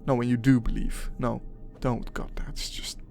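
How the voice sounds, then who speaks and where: A young man rambling and muttering to himself while playing a game, trailing off into quiet asides and swearing when things go wrong, with music behind him. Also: medium pitch, little pitch movement, a little slow, vocal fry. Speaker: gaming channel host. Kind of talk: casual let's-play commentary. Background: background music.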